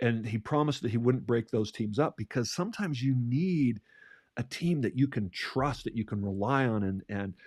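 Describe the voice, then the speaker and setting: A man co-hosting a coaching podcast talks at an ordinary mid pitch and tells a long story. He trips over his words and repeats them as he goes. The sound is close and dry, with no room around it. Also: a little mellow, dry recording. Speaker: podcast co-host, leadership coach. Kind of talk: conversational podcast talk.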